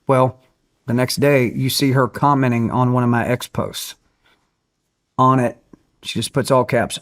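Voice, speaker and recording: A man guest telling a story in casual conversation, animated and acting out the people he quotes. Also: medium pitch, measured pace, long pauses. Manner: animated, acts out quoted voices.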